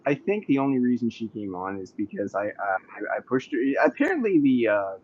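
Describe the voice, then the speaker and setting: A man joining an online audio room as a guest, speaking in a halting, hesitant way. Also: medium pitch, wildly swooping pitch. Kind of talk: casual chat. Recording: dull lo-fi audio with faint noise.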